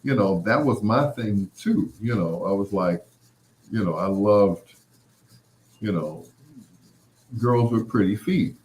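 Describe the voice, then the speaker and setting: Low-voiced man rambling casually. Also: slow pace, pauses often, darkish tone. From Chicago area. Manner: rambling, many "you know" fillers, acts out quoted lines. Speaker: podcast host. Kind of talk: casual storytelling chat.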